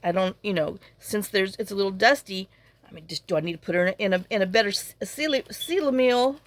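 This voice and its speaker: A woman's voice: medium pitch, a little fast. Woman vlogger, casual to-camera talk, tearful, rambling with many restarts. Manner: rambling, trailing off and restarting often. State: tearful, fighting back crying. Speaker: journaling channel vlogger. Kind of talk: casual to-camera vlog chat.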